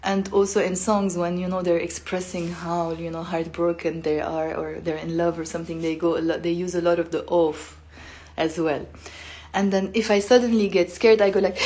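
A woman gives a casual live-stream language lesson, chatty and full of fillers, acting out the sounds she teaches expressively. Her voice is fairly low and darkish, with fairly even intonation at normal speed.

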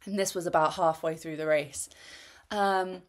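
A young Englishwoman tells her race story in a chatty, self-mocking way, laughing as she goes. Her voice sits a little low for a woman. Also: steady tone, moderate pace. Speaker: ultrarunner recounting her race. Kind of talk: candid storytelling race review.

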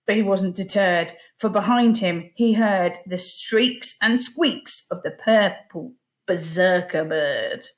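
A woman teacher reading a children's picture book aloud in an expressive storytelling voice. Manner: expressive, slow storytelling with lively pitch. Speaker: primary school teacher.

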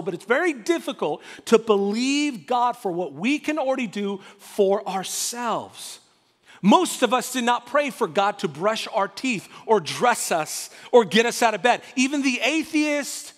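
Animated high-voiced male pastor preaching. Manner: animated, emphatic, preaching with dramatic pauses. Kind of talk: sermon. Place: church sanctuary. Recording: reverberant church hall.

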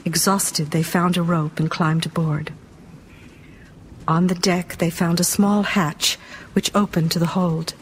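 Low-voiced woman reading a dark audiobook. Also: flat delivery, a little hiss or hum. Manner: measured, dramatic reading. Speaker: audiobook narrator. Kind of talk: audiobook narration.

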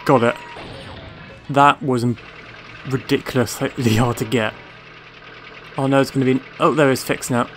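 Man, let's play commentary, sarcastic, swears a lot, mid-pitched voice. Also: steady tone, normal speed, pauses often, fairly bright tone, soft background music. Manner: sarcastic, swears freely, talks to the game. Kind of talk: casual gameplay commentary.

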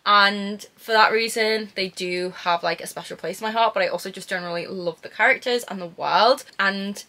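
A woman's voice: mid-range voice, normal speed, sharp tone. A young woman vlogging an unboxing at home, gushing and emotional about her books. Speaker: book vlogger. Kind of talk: casual unboxing vlog.

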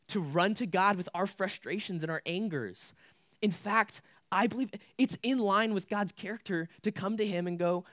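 A man's voice: sits high, moderate pace, a bit bright, dry recording, studio quality. A young man preaching a casual youth sermon, candid and conversational with lots of filler words. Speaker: youth pastor.

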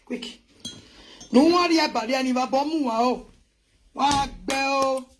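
High-voiced Nigerian woman ranting. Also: unhurried, noisy background. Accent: Nigerian Pidgin English. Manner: animated, scolding, mixes English with local languages. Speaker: host. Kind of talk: live commentary on online drama.

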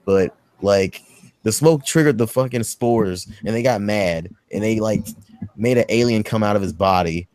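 A man's voice: normal speed, darkish tone. Rambling, profane male podcast host. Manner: profane, rambling storyteller who acts out quotes in a high voice. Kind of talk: casual chat, movie recap.

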